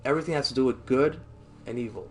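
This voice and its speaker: A man's voice: mid-range voice, fast, faint music behind. Rambling livestreamer man, filler-heavy talk. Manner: rambling, filler-heavy, lots of "like" and "you know"; swears casually. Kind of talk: casual chat with stream viewers.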